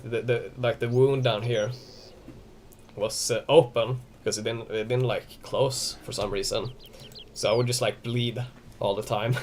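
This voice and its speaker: A man's voice: medium pitch, slight background noise. A young man chatting casually on a live stream, rambling with many restarts and fillers and swearing freely.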